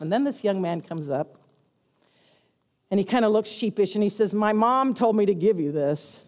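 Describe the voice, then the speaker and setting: Woman pastor telling a story in a reverberant hall. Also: medium pitch. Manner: animated, self-mocking storyteller. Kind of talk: storytelling sermon. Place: church sanctuary.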